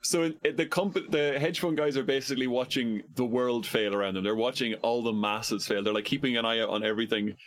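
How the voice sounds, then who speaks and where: A man's voice: a little fast, few pauses. A man in casual podcast chat, telling stories and acting out the people he quotes. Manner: animated storyteller, acts out quoted callers in a high voice.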